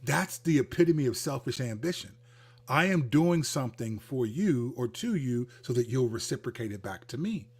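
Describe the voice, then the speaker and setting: A man hosting a livestreamed Christian teaching talk, speaking in an animated, conversational way and acting out the people he quotes. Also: mid-range voice, normal speed, slightly rough. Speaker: host, Christian counselor.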